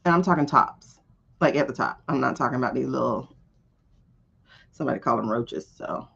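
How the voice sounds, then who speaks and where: A woman's voice: extremely low pitch, brisk, vocal fry, a bit bright, breathy edge, lo-fi sound. A woman hosting a live tarot stream, chatting casually and bluntly with her viewers. She swears freely and laughs often.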